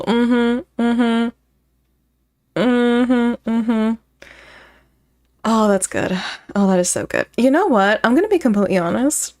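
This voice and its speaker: A woman's voice: on the high side, slow, pauses often. A woman streamer in casual reaction chat, giggly and chatty, talking to her viewers.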